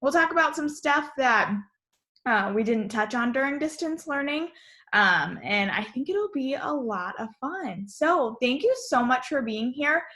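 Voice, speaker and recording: Bright, slow-speaking woman teacher. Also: high voice, lively intonation. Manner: slow, cheerful, speaking to young children. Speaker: kindergarten teacher. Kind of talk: online summer school lesson.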